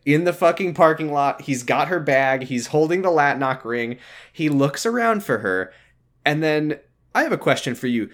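A man's voice: on the high side, lively intonation, moderate pace, a bit bright. A man co-hosting a podcast in casual chat, joking and retelling scenes in detail. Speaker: podcast co-host.

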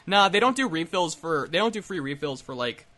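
A man's voice: fairly high pitch, very animated, fairly quick, sharp tone. A young man in a casual online group chat, easygoing with short replies. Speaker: friend in chat. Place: online voice call.

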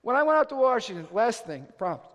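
A middle-aged pastor with a high voice preaches in a big church hall, and long reverb trails each phrase. He drops to hushed pleading, then climbs to loud, insistent exhortation. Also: big pitch swings, fairly quick. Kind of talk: sermon.

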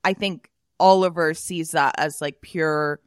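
American woman co-hosting a movie podcast, smooth clear voice, says like a lot. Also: sits low, fairly even intonation, measured pace, dry recording, clean studio sound. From United States. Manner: reflective, uses lots of 'like'. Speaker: podcast co-host. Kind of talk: casual film discussion.

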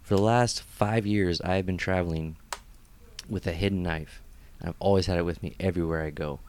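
Young adult male co-host, low-pitched, lively and jokey, faint ambience. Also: a little fast, slight background noise. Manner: animated, joking storyteller with frequent laughs. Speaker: podcast co-host. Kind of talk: casual chat.

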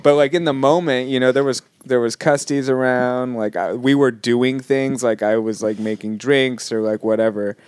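Dude telling a work story, cussing a lot, mid pitch, dead dry sound. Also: male voice, fairly even intonation, moderate pace, few pauses, a little mellow, smooth, no echo. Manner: swears a lot, acts out quotes. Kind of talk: casual chat.

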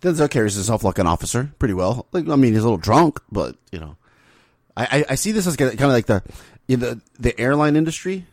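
A man's voice: medium pitch, very animated, fast talker, darkish tone, dry recording, clean studio sound. A man co-hosting a casual movie podcast, blunt, teasing and opinionated. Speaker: podcast co-host.

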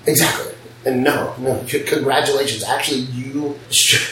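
A man's voice: mid-range voice, fairly even intonation, moderate pace, sharp tone, slight background noise. A man who runs a piercing studio, telling blunt, profane stories in casual chat. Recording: roomy, distant mic, faint ambience.

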